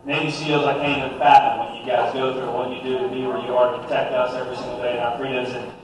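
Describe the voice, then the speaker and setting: A man's voice: mid-range voice, flat delivery, quick pace. A middle-aged man with a Southern US accent from South Carolina, giving a joking, conversational speech to a political meeting crowd. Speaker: guest speaker at a political meeting. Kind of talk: live public speech. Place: large meeting hall, indoors. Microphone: distant from the microphone. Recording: echoey hall recording from far off, with noise.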